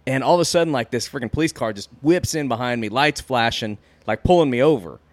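A man's voice: medium pitch, dry recording. A man on a podcast telling a casual, profane story from his working life. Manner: fast, lively, swearing anecdote.

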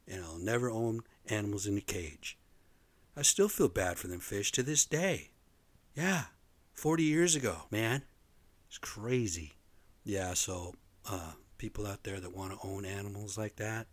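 This fifties-aged man spins personal stories loosely and profanely, habitually adding "man" to his sentences. His voice is medium-pitched, and the recording is dry.

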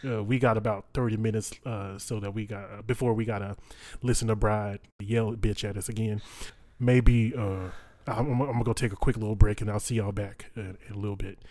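A man's voice: lowish voice, steady tone, fairly quick, darkish tone, lightly acted. A man voicing a male country adventurer in a Southern US country accent, drawling and hesitant. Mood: folksy.

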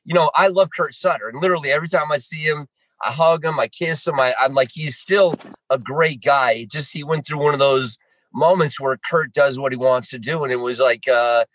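A man as a podcast guest, rambling and excitable, acting out quotes while joining by video call. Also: on the high side, brisk, dry recording. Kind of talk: casual chat.

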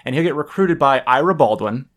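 A man's voice: medium pitch, animated, brisk, a bit bright. Rambling, laughing podcast host man. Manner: rambling, self-interrupting, laughs often. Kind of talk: casual podcast chat.

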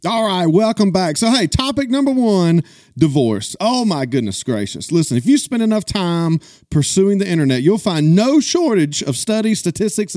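A middle-aged man hosts a podcast like a pastor giving a pep talk, high in pitch and full of energy. He leans on "listen" and "guys" as he preaches. The sound is close and dry, with no room echo. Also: a little mellow. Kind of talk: podcast monologue.

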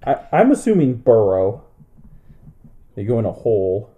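A man's voice: fairly low pitch, big pitch swings, moderate pace, narrow, tinny audio. A man co-hosting a casual podcast, joking and laughing often. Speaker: podcast co-host. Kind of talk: casual chat.

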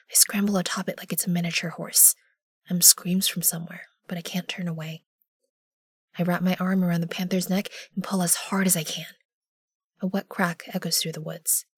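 A woman gives first-person narration for an audio drama, measured and often dropping to a hush. Her voice sits a little low and sounds dry and close to the mic. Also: husky, no room sound. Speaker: narrator and lead character.

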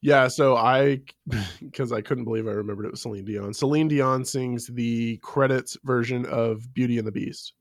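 A man's voice: medium pitch, fairly even intonation, no echo. Laughing man co-host, dry close sound. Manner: laughing, swears freely, quick asides. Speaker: podcast co-host. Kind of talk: casual film discussion chat.

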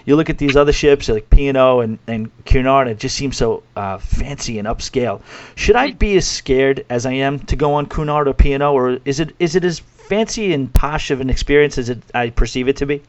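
A man's voice: medium pitch, fairly quick, lo-fi sound. A man with a New York accent hosting a podcast, chatting casually and self-deprecatingly with lots of restarts. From New York City, USA. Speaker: podcast host. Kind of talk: casual interview chat.

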